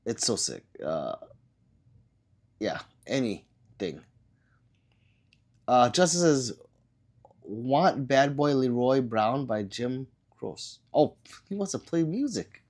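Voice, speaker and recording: A man's voice: medium pitch, sing-song, slow pace, long pauses. A man who is sick and coughing hosts a casual livestream. He reads viewer comments aloud and answers them in a loose, rambling way, full of fillers. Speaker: livestream host.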